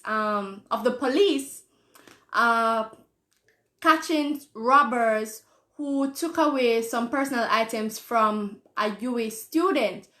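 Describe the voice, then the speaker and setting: A woman's voice: on the high side, a bit bright. A Jamaican woman hosting a live-stream talk show, reading viewer comments aloud and answering them in an earnest, conversational way, often repeating phrases for emphasis. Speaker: host. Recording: roomy echo.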